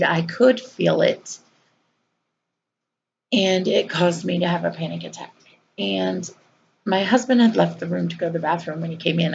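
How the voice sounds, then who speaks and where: A woman's voice: lowish voice, gravelly, dull audio, slight background noise. A woman vlogger, earnestly telling a personal story in a conversational way with fillers and repeats.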